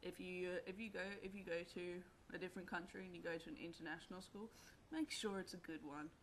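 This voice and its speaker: A young woman telling a personal story to camera in a rambling, halting way, full of fillers. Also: on the low side, steady tone, a little hiss or hum. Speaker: vlogger.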